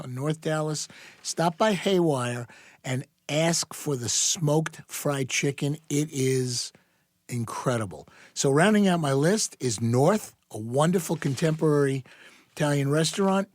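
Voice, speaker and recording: A man's voice: a little high, no echo. An older man from New York, a podcast guest who tells stories with a showman's flair and talks straight to the listeners. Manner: theatrical storyteller who addresses listeners. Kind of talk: casual podcast chat.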